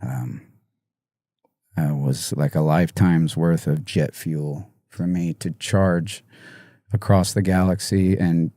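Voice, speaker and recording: Soft-spoken man with a low dark voice. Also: fairly even intonation, no echo, clean studio sound. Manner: halting, soft-spoken, many fillers and restarts. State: emotional, choked up. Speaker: musician guest. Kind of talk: podcast interview.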